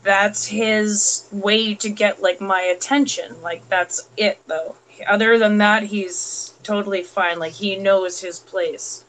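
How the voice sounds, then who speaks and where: Slow-talking woman chatting casually. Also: medium pitch, fairly even intonation, a bit bright, rough recording. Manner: slow, laughing, talks to her dog. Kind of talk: casual chat.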